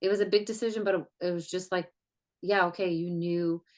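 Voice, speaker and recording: A woman co-hosting a podcast, warmly praising her co-host in a casual, effusive way, with lots of "like". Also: lowish voice, fairly even intonation, fairly quick. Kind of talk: casual chat.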